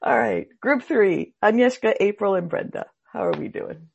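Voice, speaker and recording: A woman's voice: medium pitch, huge pitch swings, moderate pace, a little mellow, highs cut off, a little hiss or hum. A woman teaching a spiritual class in a heartfelt, rambling, emphatic way. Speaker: meditation teacher.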